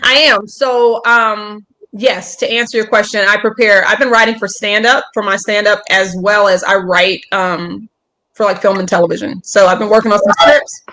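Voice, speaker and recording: A young woman comedian with an Atlanta accent, chatting in a casual interview over a call, animated and joking. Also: mid-range voice, moderate pace. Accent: Southern US, Atlanta. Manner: animated, joking, slips into put-on voices. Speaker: comedian guest. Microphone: phone or video call.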